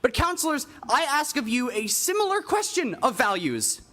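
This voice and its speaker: A young woman giving a measured, personal public comment in a city council chamber. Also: high-pitched, very animated, a bit bright. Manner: measured, personal, building to direct appeal.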